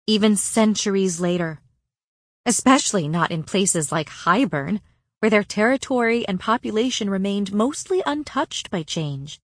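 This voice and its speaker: A woman reads as a young fae noblewoman who speaks carefully and earnestly. Her voice lifts higher than the narration. The recording is dry and close. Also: no room sound. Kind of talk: audiobook character voice.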